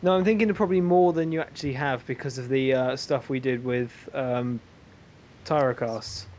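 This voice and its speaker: A man hosting a casual group podcast, rambling and joking between quick asides. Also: medium pitch, a little mellow, highs cut off, slight background noise. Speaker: podcast host.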